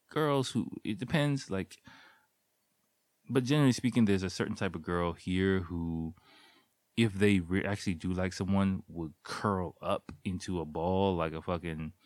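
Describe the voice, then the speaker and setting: Guy in his 30s rambling thru a story, low voice, swears a lot, dry close sound. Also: darkish tone, no room sound. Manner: profane, rambling, frequent fillers and restarts. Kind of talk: casual storytelling. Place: living in Japan.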